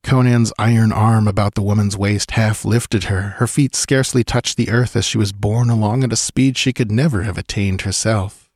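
A man with a fairly low voice narrates an audiobook in a measured, steady way. The recording is dry and close, with no room sound. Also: husky, no room sound.

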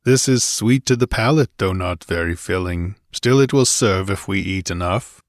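A gruff barbarian warrior talks bluntly in a storybook reading, as a male narrator does his voice. The voice is low and plain-spoken, with a grunting edge. It is recorded close and dry. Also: normal speed, no room sound, close to an everyday voice.

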